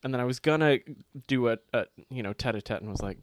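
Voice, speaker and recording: A man's voice: mid-range voice, fast talker, hardly any pauses, a little hiss or hum. A man co-hosting a podcast in casual chat, telling stories with a sarcastic, profane edge. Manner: profane, sarcastic, animated storytelling. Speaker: podcast co-host.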